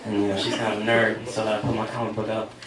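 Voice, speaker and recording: A man's voice: lowish voice, monotone, fast talker, noisy background. A young man doing a stand-up set in a small cafe, rambling and self-mocking with lots of fillers. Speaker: stand-up comedian. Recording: echoey room, mic from far off, audience laughter. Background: audience laughing.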